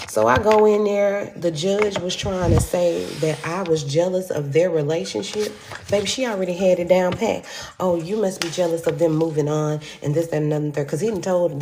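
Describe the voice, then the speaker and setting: A woman telling a story in an animated, profane way, acting out quotes with sudden jumps in pitch. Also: a little hiss or hum. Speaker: storyteller vlogger.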